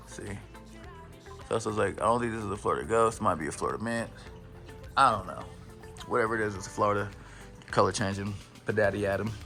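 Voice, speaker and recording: Young male plant vlogger, playful and slangy, low gravelly tone. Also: pushed and bright. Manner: playful, hyped, slangy, breaks into silly voices. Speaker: plant collector showing his collection. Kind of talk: casual plant tour vlog.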